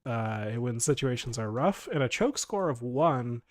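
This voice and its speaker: A man's voice: mid-range voice, lively intonation, no echo, studio quality. A man running a tabletop role-playing game as game master, often stopping to search for his words. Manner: halting, searches for words mid-sentence.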